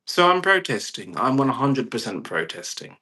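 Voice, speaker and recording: A man's voice: mid-range voice, very animated, moderate pace, pushed and bright. A man vlogging an emphatic, profane rant, repeating himself and swearing often. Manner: emphatic, repetitive, heavy swearing. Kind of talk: profane ranting monologue.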